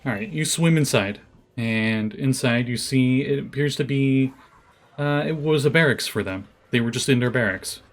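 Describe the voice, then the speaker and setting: A man narrating as game master for a tabletop game, describing rooms with relaxed fillers. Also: medium pitch, moderate pace.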